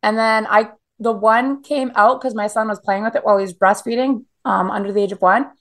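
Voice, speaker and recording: A woman's voice: medium pitch, fairly even intonation, fairly quick. A woman in her thirties from Canada, telling blunt, profane stories in a casual interview with lots of "like" fillers. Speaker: guest.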